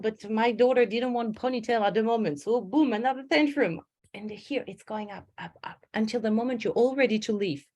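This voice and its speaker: A woman's voice: medium pitch, darkish tone. A middle-aged woman, a stress management coach giving a webinar and telling stories with acted inner voices. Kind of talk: webinar presentation.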